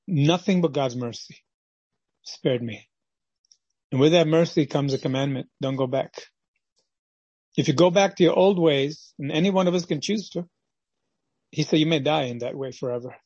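A man's voice: a little high, darkish tone, husky, no echo, dull audio. A male preacher giving a devotional sermon with passion, acting out the quoted voices of the people in his story. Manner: impassioned, acts out quoted voices of God and Cain.

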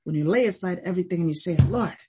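A woman's voice: on the low side, rapid-fire, warm tone, breathy edge, rough recording. A woman pastor preaching a sermon with emphatic repetition and rhetorical questions.

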